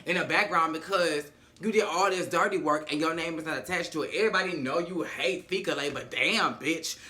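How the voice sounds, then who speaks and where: A man with a high, bright voice recaps a series episode in a sassy, dramatic way and swears freely. The delivery is quick and lively. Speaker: show recap vlogger.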